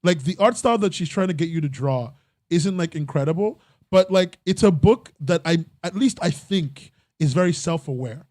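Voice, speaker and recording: A man's voice: fairly high pitch, lively intonation, normal speed, darkish tone, no echo. Rambling young man with a dry voice. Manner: rambling, self-interrupting, laughs often. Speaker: podcast host. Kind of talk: casual podcast chat.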